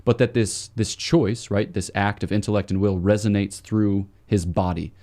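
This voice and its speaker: A priest speaking as a podcast guest in a very low, mellow voice. He explains theology step by step in a measured, scholarly manner with the odd "um". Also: fairly even intonation.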